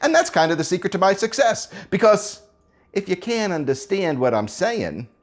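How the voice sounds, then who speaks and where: A middle-aged American man telling stories in an interview with crisp, rapid-fire articulation. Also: sits high, very animated. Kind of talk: animated interview storytelling.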